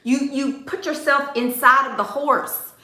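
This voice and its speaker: A woman dating coach talks on a livestream, blunt and playful, with a sassy edge. Her voice sits fairly high and sounds bright and forceful. The sound carries a roomy echo. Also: fairly even intonation, unhurried. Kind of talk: livestream advice talk, reading viewer comments.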